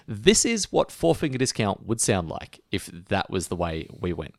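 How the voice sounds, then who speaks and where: A man's voice: deep voice, very animated, moderate pace, gravelly, no room sound, studio quality. A man co-hosting a podcast in a casual, self-mocking chat, chuckling at himself. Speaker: podcast co-host. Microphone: home mic stand.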